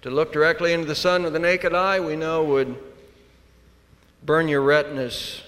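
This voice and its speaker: A man preaching a sermon, swinging between hushed, quiet passages and loud, emphatic declarations. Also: on the high side, flat delivery, normal speed. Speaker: pastor. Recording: long hall reverb.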